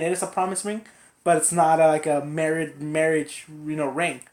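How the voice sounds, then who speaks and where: Rambling young man, roomy echo. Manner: rambling storyteller who acts out quotes in high voices. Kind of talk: casual podcast chat.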